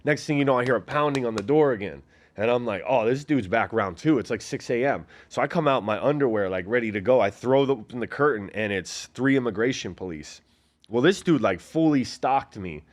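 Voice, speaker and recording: A man in his forties, formerly a fighter, talks a little fast in a medium-pitched voice with lively intonation. As a guest he tells his story in a rambling, relaxed manner, full of fillers, and acts out the quotes he repeats.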